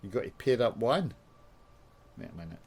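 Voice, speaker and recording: A man's voice: fairly low pitch, big pitch swings, normal speed, slightly rough. Swearing Scottish man ranting while playing. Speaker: YouTuber. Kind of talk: casual gaming chat with swearing.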